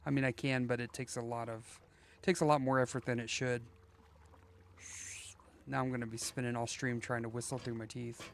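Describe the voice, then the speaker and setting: Speaking at normal speed with a flat delivery and vocal fry, this mid-range male voice pauses often over slight background noise. He's chatting casually while streaming a game, rambling with many "like" and "you know" fillers and slipping playfully into sing-song voices.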